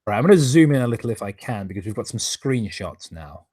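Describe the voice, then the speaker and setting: A man's voice: fairly low pitch, sing-song, fast, a little mellow, breathy edge, no echo. A man reading aloud and commenting on a live stream, exasperated, sarcastic and swearing often, who stops now and then to thank viewers for donations.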